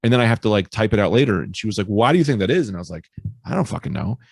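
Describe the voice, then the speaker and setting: A male stand-up comedian telling stories in a casual interview, animated and swearing freely. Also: fairly low pitch, rapid-fire, vocal fry, breathy edge, dry recording, studio quality. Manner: animated storyteller, swears freely, acts out quoted voices. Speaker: stand-up comedian, podcast guest.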